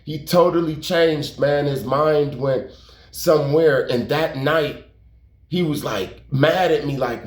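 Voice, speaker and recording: A man's voice: on the high side, slow pace. A man telling a story in a casual, rambling way, repeating himself, using slang and cursing for emphasis. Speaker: YouTube storyteller. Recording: roomy echo.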